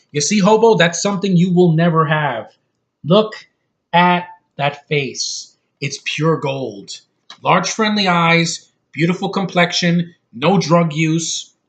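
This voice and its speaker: A man's voice: on the high side, fairly bright tone. A man giving a casual, rambling movie review, blunt and opinionated, swearing freely and stumbling over fillers and restarts. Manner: halting, with many fillers and restarts.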